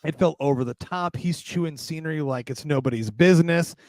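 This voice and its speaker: A man's voice: fairly high pitch, brisk, a little mellow, no echo. A man hosting a casual film review podcast, talking with enthusiastic, emphatic bursts. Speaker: podcast host.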